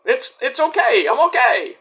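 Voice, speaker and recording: A man's voice: very high voice, very animated, moderate pace, bright, forceful tone, voice pushed up, heavily acted. A man putting on the voice of a beaten-up wrestler father who insists he is fine, in a raised, falsely cheerful tone. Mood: reassuring. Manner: falsely cheerful, then groaning. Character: battered wrestler dad brushing off his injuries.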